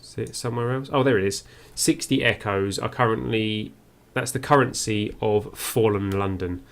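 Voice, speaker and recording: A man's voice: on the low side, moderate pace. A man giving first-play game commentary, musing aloud and reading on-screen text as he goes. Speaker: game streamer.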